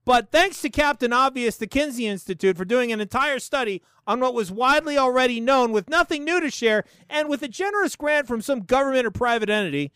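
A man's voice: extremely high pitch, fairly quick, hardly any pauses, clean tone, dry recording, clean studio sound. A middle-aged man hosting a podcast, riffing through sarcastic comedic commentary with frequent laughs. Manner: animated, sarcastic, laughs often. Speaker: podcast host.

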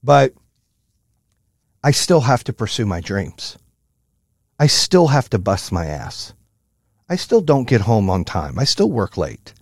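A man giving a blunt, profane motivational rant, high-strung and fired up. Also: big pitch swings, takes it slowly, long pauses, husky, no room sound, studio quality. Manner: blunt, heavy swearing, fired-up. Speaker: motivational speaker.

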